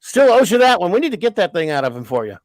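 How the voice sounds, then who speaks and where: A man's voice: sits high, very animated, fast talker, no room sound. A middle-aged man hosting a casual stream, telling long rambling stories laced with profanity. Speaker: livestream host. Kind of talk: casual chat.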